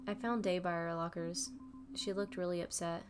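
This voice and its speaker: Woman narrating a game in a flat, low voice. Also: normal speed, background noise. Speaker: let's play gamer. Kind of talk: reading a visual novel aloud with commentary. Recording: game music clearly behind.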